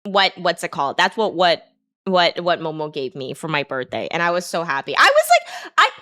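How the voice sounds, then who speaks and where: A woman streamer in excitable, giggly casual chat, often repeating herself. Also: sits low, brisk.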